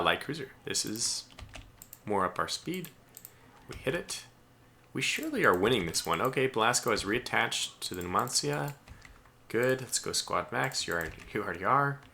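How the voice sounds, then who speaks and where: A man giving live gameplay commentary as a streamer, chatty and excitable, talking aloud to the ships he commands. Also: on the low side, slight background noise.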